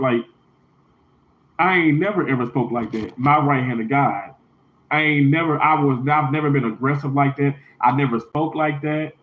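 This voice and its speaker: Man with a high voice, emphatic and indignant, in a casual livestream rant; roomy, slightly muffled audio. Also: moderate pace. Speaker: livestreamer, hospital worker. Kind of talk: casual live stream rant.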